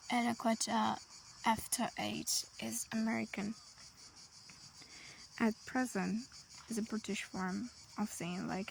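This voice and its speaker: A woman teaching English vocabulary, slowly listing word pairs one after another. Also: medium pitch, gravelly, a little hiss or hum, poor audio. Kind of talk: vocabulary lesson.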